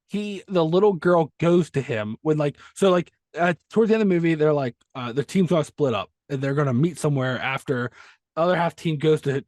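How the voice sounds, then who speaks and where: Dry, higher-voiced male podcast host. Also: darkish tone, dry recording. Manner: rambling, retells scenes with enthusiasm. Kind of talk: casual film-discussion chat.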